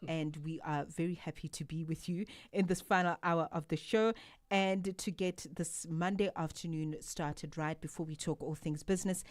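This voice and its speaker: A woman's voice: low voice, steady tone, moderate pace. A woman hosting a live drive-time radio show from a studio, upbeat and enthusiastic as she introduces a guest. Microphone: studio microphone.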